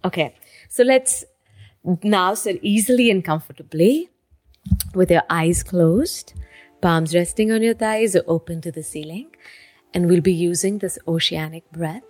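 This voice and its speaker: A woman calmly leading a guided breathing exercise, counting each breath in and out. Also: lowish voice, dry recording, soft background music. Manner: calm, counts breaths slowly. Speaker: breathing instructor.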